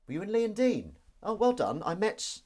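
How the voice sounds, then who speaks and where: A man's voice: high-pitched, wildly swooping pitch, moderate pace, a little mellow. A young man from England, chatting casually on a live stream from his kitchen and joking as he reads out viewer comments. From northern England. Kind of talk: casual live stream chat while washing up. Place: home kitchen, indoors.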